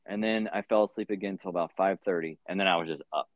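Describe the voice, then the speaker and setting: A man with a low, deep voice tells a rambling story in loose, profane podcast chat, full of "like" and "you know." The sound is dull and lo-fi, with a dry close feel and no room around it. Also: fairly even intonation, fast talker, no echo. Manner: rambling, profane, many fillers. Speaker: podcast host.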